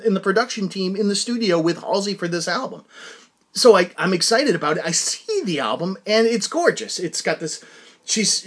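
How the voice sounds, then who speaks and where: A man hosting a solo podcast, rambling with many restarts and working himself up into a heated rant. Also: high voice. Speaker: podcast host.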